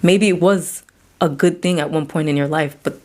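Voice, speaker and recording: Earnest low-voiced woman therapist talking. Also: steady tone, normal speed, warm tone. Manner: earnest and conversational, acts out quoted back-and-forth dialogue. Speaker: therapist and psychiatric provider. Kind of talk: faith-based mental health talk to camera.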